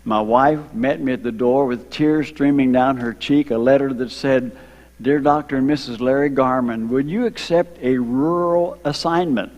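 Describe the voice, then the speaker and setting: An older man from Ohio, a retired missionary, telling his story to a church congregation, slowing down for emphasis and drawing in the children. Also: medium pitch, a little mellow, dull audio. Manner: storytelling, slows for emphasis, engages kids. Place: church sanctuary. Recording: long hall reverb.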